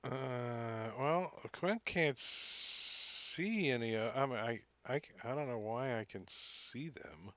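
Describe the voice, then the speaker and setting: A man's voice: medium pitch, expressive, slow, hardly any pauses, a bit bright, no room sound. A man playing a tabletop game, chatting casually and joking at his own expense. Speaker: player.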